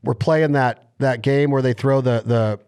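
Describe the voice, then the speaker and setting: A man's voice: medium pitch, measured pace, smooth. A man hosting a podcast, chatting casually and telling stories with lots of enthusiasm. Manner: enthusiastic, animated storyteller. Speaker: podcast host. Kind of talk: casual interview chat.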